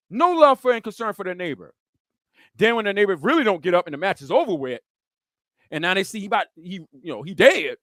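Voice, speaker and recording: A man preaching with a high, lively voice that jumps all over its range. He acts out the scenes he describes with vivid sounds. The sound is dry and close. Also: no echo. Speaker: pastor. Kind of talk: preaching a sermon.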